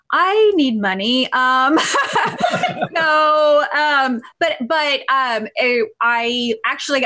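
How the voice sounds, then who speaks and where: A woman's voice: a little high, pushed and bright. A woman voice actress on a panel, telling an anecdote in a chatty way, full of fillers and restarts. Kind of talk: casual anecdote.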